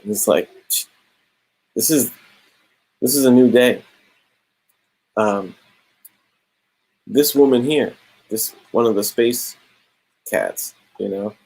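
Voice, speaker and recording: A young man casually reviewing a comic book, talking in a relaxed, slangy way. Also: on the low side, unhurried, long pauses, slightly rough, low-quality recording. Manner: laid-back slangy, drops "bro" and "straight up".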